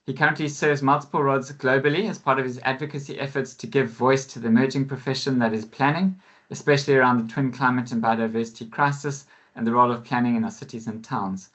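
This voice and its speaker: A man hosting an online webinar, introducing speakers in a measured, hesitant way over a video call. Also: mid-range voice, steady tone, a bit bright, highs cut off. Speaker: webinar host, facilitator.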